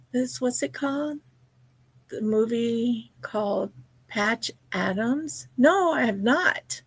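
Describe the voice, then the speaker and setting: A woman's voice: on the high side, expressive, extremely slow, long pauses, husky, no room sound. A woman hosting a casual livestream, chatting while she crochets and reading out viewer comments with lots of "you know" fillers. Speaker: livestream host.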